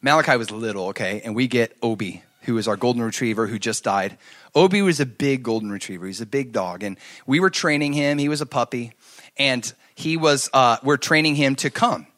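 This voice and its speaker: A middle-aged man preaching a sermon, telling stories and swinging from loud to hushed. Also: medium pitch, a little fast. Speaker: pastor.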